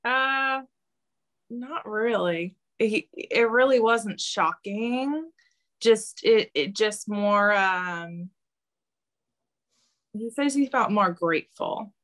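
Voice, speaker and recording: A woman working as a medium, relaying a spirit's answers in a hesitant interview with many pauses and ums. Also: mid-range voice, fairly bright tone. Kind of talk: channeling interview, relaying quotes.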